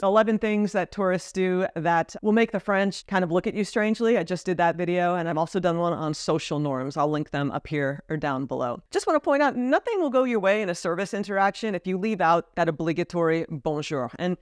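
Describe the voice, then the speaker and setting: A woman's voice: on the low side, expressive, brisk, few pauses, no room sound, studio quality. A woman vlogger casually explaining etiquette, now and then acting out short example lines.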